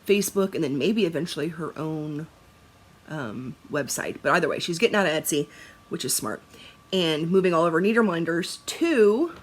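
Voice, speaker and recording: Young female vlogger, husky, very animated pitch, laughs a lot, casual chatter. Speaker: cross-stitch vlogger.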